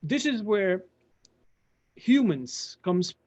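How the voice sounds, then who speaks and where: Speaking extremely slowly, this streamer has a high, very animated, slightly mellow voice. He tells his career story in a meandering way, restarting often and breaking off to address viewers, all captured in dull lo-fi audio.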